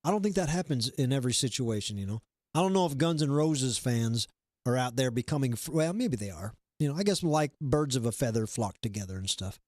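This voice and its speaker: A man's voice: mid-range voice, expressive, a little fast, a little mellow, no room sound, clean studio sound. A man hosting a livestream, chatting loosely and reading out viewer comments in a rambling, self-deprecating way. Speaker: livestream host. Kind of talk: casual chat.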